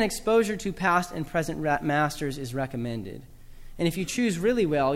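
A man's voice: on the high side, in a large hall. A man from the American South giving a talk to a live audience about teaching children proper speech, with dry humor and spoken examples.

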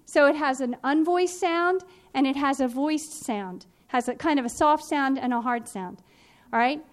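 A woman teaching a phonics and spelling workshop, explaining in a clear, patient, instructive way. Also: high-pitched, normal speed.

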